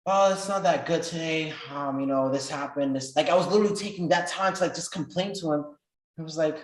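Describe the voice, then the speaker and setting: A man giving a workshop talk, telling a personal story in a lively, animated way and acting out the dialogue. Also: fast. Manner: animated, acts out quoted dialogue with rising pitch and loudness. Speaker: workshop speaker. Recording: roomy echo.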